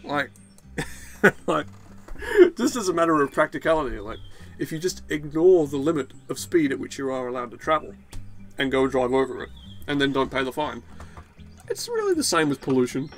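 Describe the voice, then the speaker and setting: A man talks through his game in a loose, rambling stream of commentary, cursing and joking as he goes. His voice sits somewhat high and swings widely up and down. Faint game music plays underneath. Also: sing-song, moderate pace. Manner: rambling, swearing, jokey. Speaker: gaming video host. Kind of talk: let's play commentary.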